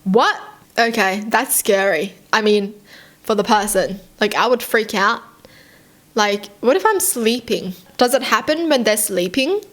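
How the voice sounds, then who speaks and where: A young woman reacting to stories in casual commentary. She is excitable and curious, fires off quick questions and says "like" often. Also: mid-range voice. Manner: excitable and curious, heavy use of "like", rapid questions. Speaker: vlogger reacting to read-out stories.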